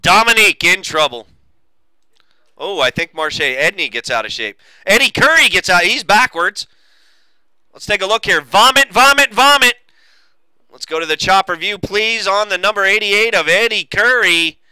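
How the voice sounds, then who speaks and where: High-voiced excitable male race caller. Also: normal speed, clean tone, no room sound, low-quality recording. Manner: excitable, crude asides. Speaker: race commentator. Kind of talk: sim racing commentary.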